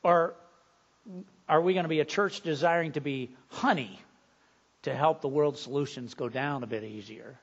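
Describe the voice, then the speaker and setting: High-voiced preaching man, earnest. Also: normal speed, lo-fi sound. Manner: earnest preaching, swells louder and higher on key points. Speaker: pastor. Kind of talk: sermon.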